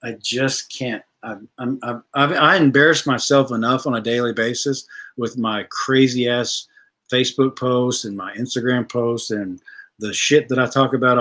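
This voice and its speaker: A man's voice: medium pitch, a bit bright. A man, hosting a livestream, ranting bluntly and profanely while reading viewer comments. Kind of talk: casual livestream rant.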